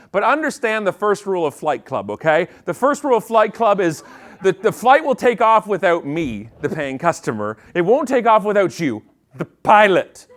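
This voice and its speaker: A Canadian man giving a comedic keynote talk on a conference stage, telling stories and acting out the quotes. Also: on the high side. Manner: animated storytelling with acted-out quotes. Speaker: keynote speaker.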